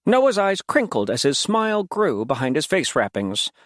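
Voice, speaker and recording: A man narrating a fantasy audiobook in an expressive storytelling manner. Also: a little high, normal speed, dry recording, clean studio sound.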